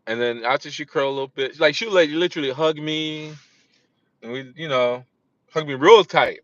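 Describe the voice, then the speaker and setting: A man's voice: fairly high pitch, moderate pace, no room sound, dull audio. A man talking in a casual vlog monologue, rambling and often restarting his sentences. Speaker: vlogger.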